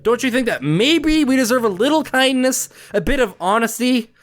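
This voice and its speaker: A man's voice: extremely high pitch, animated, moderate pace, a bit bright, voice pushed up. A man reading aloud as a furious young woman, accusing and harsh. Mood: angry. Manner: angry, accusing. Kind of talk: reading a visual novel aloud.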